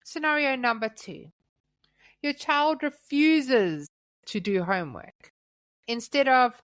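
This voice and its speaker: A woman delivers a scripted devotional teaching for parents, her voice a touch high and her pace very slow. She speaks gently in short, emphatic phrases. The recording is close and dry, with no room sound. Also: lively intonation, smooth, dry recording. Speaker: Christian parenting podcast host.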